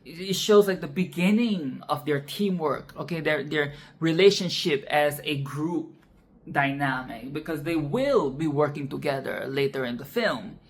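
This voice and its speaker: A woman's voice: sits low, lively intonation, unhurried. A woman casually discussing a film she loves, emphatic and profane, repeating her points with "okay?". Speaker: film reviewer.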